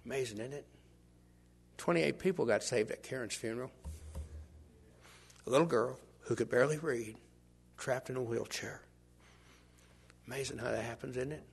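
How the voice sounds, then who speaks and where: An older man preaching a sermon, shifting from hushed asides to shouts as he acts out scenes. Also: mid-range voice, normal speed, creaky, long pauses, slightly rough. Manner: animated, swings from hushed to shouting, acts out bystanders.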